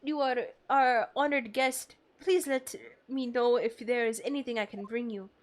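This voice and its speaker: A streamer with a high, feminine voice voicing a smarmy young male hotel bellboy in a mystery game, with an affected anime-boy accent. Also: fairly even intonation, normal speed, soft background music, close to an everyday voice.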